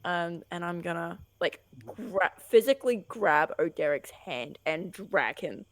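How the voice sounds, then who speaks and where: A woman's voice: on the low side, measured pace, dry recording. Eager woman player, dry sound. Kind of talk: casual game table chat.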